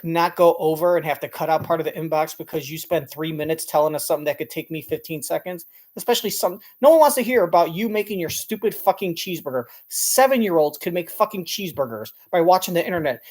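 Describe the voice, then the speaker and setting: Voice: medium pitch, a little mellow. A reaction commentator ranting sarcastically over show clips and swearing freely. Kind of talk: profane comedic rant over clips.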